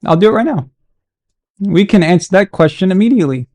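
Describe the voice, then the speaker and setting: A man hosting a casual sports live stream, animated and exasperated as he chats with viewers. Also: high voice, fairly quick, no echo.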